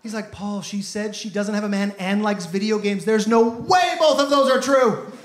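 A man's voice: high voice, normal speed. A young man performing a stand-up comedy set, telling stories and acting out the dialogue. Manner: animated storytelling, acts out dialogue. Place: comedy club stage with live audience. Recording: echoey club room, audible ambience.

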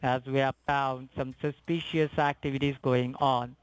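A man's voice: mid-range voice, little pitch movement, normal speed, smooth, dry recording. A man on a phone call reading a polite, formal call-center script. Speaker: phone scammer.

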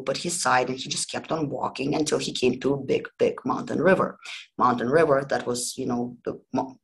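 A woman's voice: a bass voice, creaky, rough recording. A woman hosting a history podcast, retelling fairy tales in a chatty, informal way with many asides. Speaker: podcast host. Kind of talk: casual storytelling.

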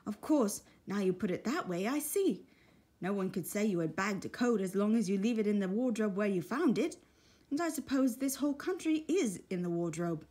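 A woman voicing an earnest older schoolboy who leads his siblings, in a storybook reading with a husky voice. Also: mid-range voice, animated, moderate pace, dark tone, lightly acted.

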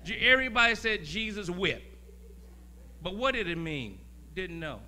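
A man preaching as a guest pastor, talking in a conversational way, laughing and swinging from quiet asides to loud emphasis. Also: high-pitched, sing-song, brisk, a little hiss or hum. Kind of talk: sermon.

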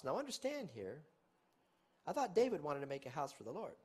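A man preaching a sermon, his slightly raised, husky voice swooping up and down as he reads scripture aloud. He stresses words with sudden loud bursts and keeps asking his listeners questions. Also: a little high, wildly swooping pitch, brisk. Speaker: pastor.

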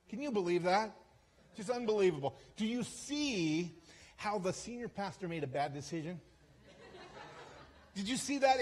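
A man with a slightly high, husky voice speaks as a guest preacher at a church service. He tells a story in a loose, conversational way, laughing at himself and often restarting his sentences. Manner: chatty, self-deprecating, with frequent restarts and asides. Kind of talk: storytelling sermon.

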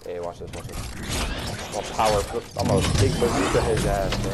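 A young man giving slangy, excitable gameplay commentary, trash-talking opponents as he plays. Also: fairly low pitch, quick pace. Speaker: gaming YouTuber. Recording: noisy game audio behind. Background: game sounds.

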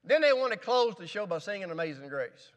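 A man's voice: high-pitched, sing-song, fairly quick, big-room sound, muffled recording. A male pastor preaching a sermon in a church, with rising emphasis and rhetorical questions. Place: church sanctuary.

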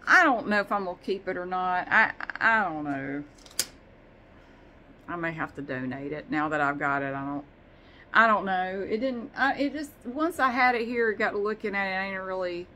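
Woman vlogger just chatting, rambly, cusses a bit, bright voice. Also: mid-range voice, normal speed, slight background noise, low-quality recording. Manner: rambling, swears casually, self-deprecating. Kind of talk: casual chat.

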